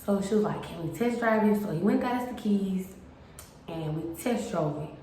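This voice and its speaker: A young woman casually telling a storytime about her car, chatty and animated, acting out the people in her story. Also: medium pitch, normal speed. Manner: chatty, animated retelling with quoted voices. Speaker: vlogger. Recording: very echoey room with faint noise.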